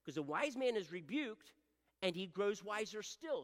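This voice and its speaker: A middle-aged man preaching a sermon as pastor, animated and swinging from quiet asides to loud emphatic pleading. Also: sits high, a little slow. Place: church sanctuary. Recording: long hall reverb.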